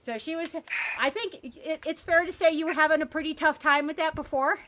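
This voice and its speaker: A woman's voice: high-pitched, steady tone, fairly quick, a bit bright. Upbeat woman teaching hula hooping. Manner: upbeat, chatty, encouraging. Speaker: hula hoop instructor. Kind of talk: live online workshop teaching. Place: outdoors by a pond.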